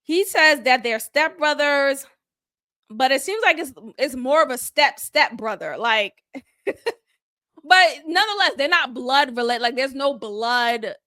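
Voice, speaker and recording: A woman's voice: high-pitched, expressive, slow pace, bright, forceful tone, dry recording, studio quality. A woman hosting a casual reality show recap, candid, opinionated and chatty. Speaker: show review host.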